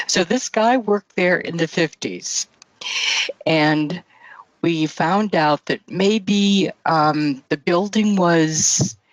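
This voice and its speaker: A woman author recounting a paranormal investigation in an interview, halting, with frequent fillers and restarts. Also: sits low, no room sound, poor audio.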